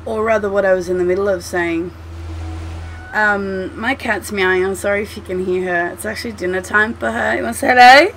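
A woman's voice: medium pitch, fairly even intonation, fairly quick, fairly bright tone, a little hiss or hum. A woman commentating her gameplay at home, chatty and swearing freely as she talks to the game. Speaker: gameplay streamer. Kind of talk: let's play commentary.

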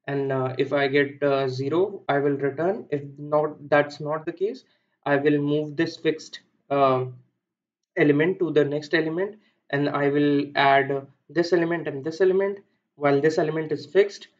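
A man's voice: fairly high pitch, fairly even intonation, normal speed, lo-fi sound. A man with an Indian accent walking through a coding problem step by step, thinking aloud with many fillers and self-corrections. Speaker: coding tutor. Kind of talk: screen-recorded coding walkthrough.

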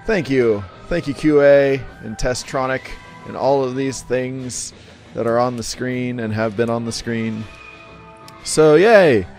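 A man's voice: mid-range voice, fairly even intonation, a little slow, a little mellow. A man hosting a let's play, chatting casually and rambling over the game's closing credits. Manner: laid-back, rambling, mumbling asides. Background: game music.

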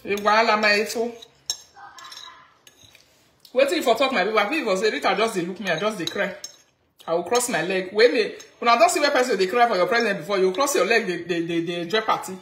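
A woman's voice: medium pitch, fast talker, echoey room, slight background noise. A Nigerian woman ranting casually on a live video in mixed Pidgin and local languages. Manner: mixes Pidgin and local languages, mocking, animated. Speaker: social media commentator.

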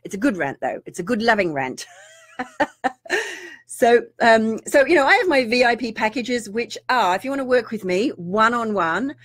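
A middle-aged woman ranting to her viewers as a spiritual teacher, her voice sitting a little high and swinging widely in pitch. She jumps into mock-outraged asides and then drops back down to a confiding level. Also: animated, normal speed. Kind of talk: live-streamed rant to viewers.

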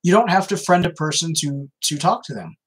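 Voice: medium pitch, expressive, a little fast, breathy edge, rough recording. A video host answering viewer questions in a casual chat, talking loosely with many restarts. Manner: chatty, repeats "you know", frequent restarts.

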